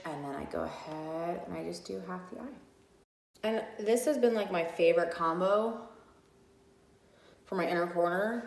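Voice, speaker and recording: A woman's voice: on the low side, slight background noise. Chatty woman vlogger in an echoey room. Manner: chatty and self-mocking, with fillers and giggles. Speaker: beauty vlogger. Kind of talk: casual makeup tutorial chat. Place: room at home under bright work lights.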